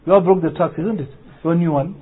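Husky-voiced preacher on a tinny line. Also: male voice, a little high, fast talker. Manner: repetitive, rhetorical questions, anecdotal. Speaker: Muslim preacher. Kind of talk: Islamic talk to youth. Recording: phone-like lo-fi.

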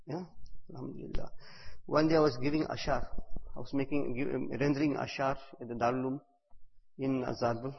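Husky-voiced man preaching. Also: mid-range voice, fairly even intonation, a little fast, long pauses. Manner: storytelling, repeats phrases for emphasis, bursts loud on key words. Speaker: religious teacher. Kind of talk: devotional talk to a gathering. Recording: echoey hall, dull lo-fi sound.

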